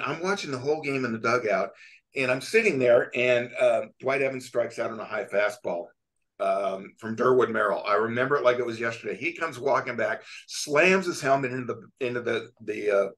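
A man's voice: mid-range voice, brisk. A middle-aged man from California, a sports photographer, telling long anecdotes in a casual chat with frequent restarts. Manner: rambling, animated storyteller with many restarts.

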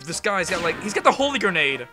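Man, high voice, rambling let's-play commentary, excitable, cursing, game music loud behind him. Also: quick pace. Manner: rambling, excitable, swears a lot. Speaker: gameplay commentator.

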